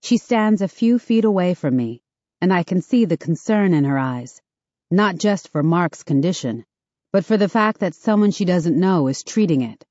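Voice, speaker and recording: A woman narrating a first-person audiobook in a steady, measured way. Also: fairly low pitch, no echo. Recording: dull, dry studio recording.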